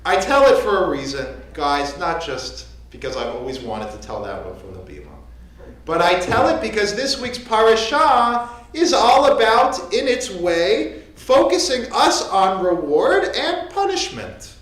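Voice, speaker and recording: Lively rabbi in an echoey sanctuary. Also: mid-range voice, measured pace. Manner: conversational, joking. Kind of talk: sermon. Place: synagogue sanctuary.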